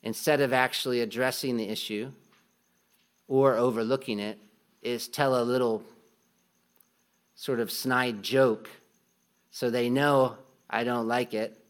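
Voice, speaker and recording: A man of ordinary pitch teaches from the Bible in a relaxed, conversational way. He often stops and restarts his sentences, with plenty of ums, and sometimes slows down to stress a point. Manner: halting, many restarts and ums, light laughs. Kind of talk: casual teaching talk.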